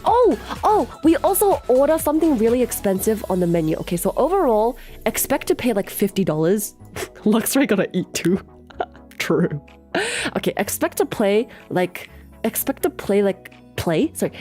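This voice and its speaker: A woman streamer telling a story in casual, animated chat, giggly and rambling. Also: mid-range voice.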